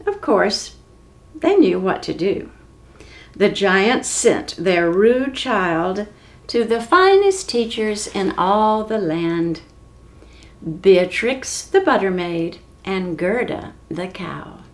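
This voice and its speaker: A woman telling a children's story for a library reading program, slow and expressive. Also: medium pitch. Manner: slow, expressive, clearly paced.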